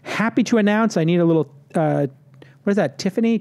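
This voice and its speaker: A man's voice: high-pitched, normal speed, a little mellow, clear, resonant tone. A man hosting a casual roundtable show, talking in an upbeat, promotional way and cracking jokes. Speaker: podcast host.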